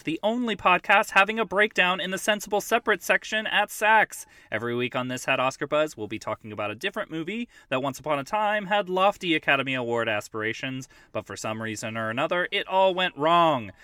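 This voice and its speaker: A man hosting a film podcast, talking quickly and playfully in casual chat. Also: a little high, big pitch swings, sharp tone, no echo. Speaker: podcast host.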